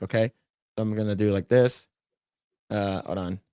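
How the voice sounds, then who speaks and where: A man's voice: on the low side, steady tone, normal speed, dark tone, clear, resonant tone, dry recording, studio quality. Rambling, swearing man on a podcast. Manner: rambling, repeats himself, swears a lot when annoyed. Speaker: podcast co-host. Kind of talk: casual chat while drawing on stream.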